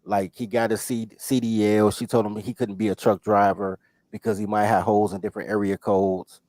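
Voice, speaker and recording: A man telling a story on a podcast in casual chat, animated and profane, loudly quoting himself. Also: on the low side, a little fast, no echo. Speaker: podcast host.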